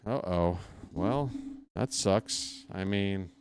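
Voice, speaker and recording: A man doing casual live baseball play-by-play from his apartment, wisecracking and drifting into asides between pitches. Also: very slow, noisy background. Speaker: play-by-play broadcaster. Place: home apartment.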